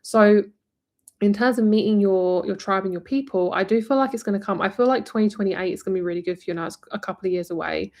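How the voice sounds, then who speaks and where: This tarot reader talks fast in a medium-pitched, darkish voice. She's from near London and has a southern English accent, rambling chattily through a live-stream reading while calling the viewer "my lovely."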